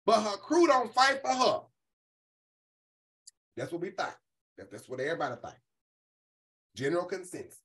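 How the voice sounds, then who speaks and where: Woman ranting on her chat show, loud and animated, lots of swearing, mimics people. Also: mid-range voice, rough recording. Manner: animated, profane, quotes people in voices. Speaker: host. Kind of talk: casual commentary.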